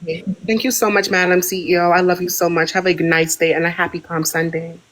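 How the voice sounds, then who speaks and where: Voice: mid-range voice, little pitch movement, fairly quick, fairly bright tone. A caller with a Washington DC area American accent, playing a job applicant who talks in a deferential, rambling way full of fillers. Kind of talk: role-play job interview.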